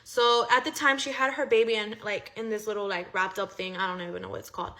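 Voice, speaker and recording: A woman's voice: medium pitch, steady tone, fast, sharp tone. A young woman casually telling a personal story, chatty and profane, with lots of "like.". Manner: chatty, profane, heavy use of "like".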